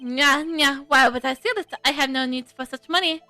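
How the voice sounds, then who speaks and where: A woman's voice: sits high, fairly even intonation, moderate pace, bright, forceful tone, dry recording, soft background music. A woman voicing a flamboyant, self-pitying male chef with fake French-tinged phrasing, reading a game aloud. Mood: coy.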